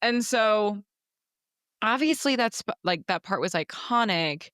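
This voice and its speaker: A woman's voice: medium pitch, expressive, measured pace, fairly bright tone, clear, resonant tone, dry recording, clean studio sound. A woman co-hosting a casual book podcast, talking animatedly, swearing freely and acting out characters' lines. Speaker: podcast co-host.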